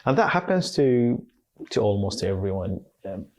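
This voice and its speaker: A man's voice: fairly low pitch, big pitch swings, moderate pace, darkish tone. A man hosting an interview, asking questions in a hesitant way with many restarts and fillers. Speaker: interview host.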